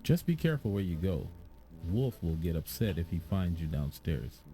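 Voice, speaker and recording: An actor playing a polite museum night guard in an adventure game. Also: male voice, low-pitched, very animated, normal speed, dark tone, faint music behind. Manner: plain and polite, gives warnings.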